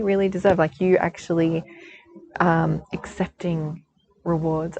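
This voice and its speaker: A woman's voice: on the low side, creaky, darkish tone, low-quality recording. A woman giving a chatty spiritual guidance talk outdoors, reassuring and laughing often. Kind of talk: casual spiritual forecast talk.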